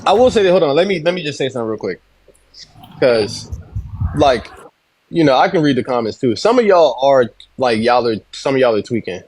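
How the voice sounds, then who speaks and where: A man co-hosting a livestream, talking casually and hesitantly with many fillers, trying to calm things down. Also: medium pitch, fairly quick, breathy edge, dry recording, low-quality recording. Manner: hesitant, filler-heavy, calming. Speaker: livestream co-host.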